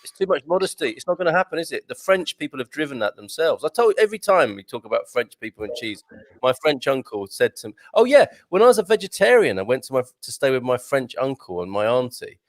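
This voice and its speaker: A man bantering in casual chat, telling a jokey anecdote in a lively way. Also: medium pitch, fast, no room sound. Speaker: regular of an expat chat show.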